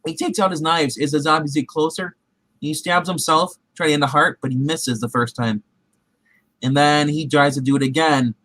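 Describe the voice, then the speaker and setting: Casual recap host, male, a bit high-pitched, rambling delivery full of restarts, close dry sound. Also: steady tone, moderate pace, a bit bright, dry recording. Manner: rambling, heavy with fillers and restarts; acts out characters' quotes in his retelling.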